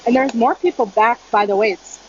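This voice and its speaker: A woman's voice: on the high side, muffled recording, noisy background. Chatty young woman streaming from a gym. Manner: chatty storytelling, quick laughs, lots of "like". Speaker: live streamer. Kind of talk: casual chat.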